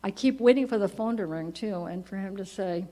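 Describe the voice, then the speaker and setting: A woman in her seventies giving a eulogy for her husband at a church memorial, telling gentle, conversational stories and laughing softly at them. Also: medium pitch, fairly quick. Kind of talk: personal storytelling at a memorial service. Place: church service.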